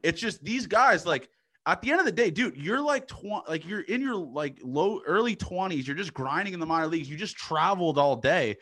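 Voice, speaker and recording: Bright-voiced energetic podcast host. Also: male voice, on the high side, moderate pace. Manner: energetic, rambling questions full of fillers. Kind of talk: casual podcast chat.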